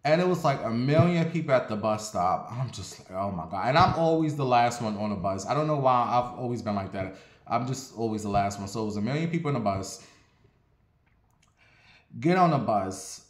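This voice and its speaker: A man from Ohio telling a casual story in an animated, profane, dramatic way. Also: medium pitch, fairly quick. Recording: roomy echo.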